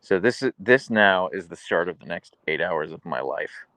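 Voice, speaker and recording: A man's voice: sits low, expressive, moderate pace, sharp tone, no room sound. A man live streaming from his phone on an outdoor couch, reading chat aloud in a wry, rambling way.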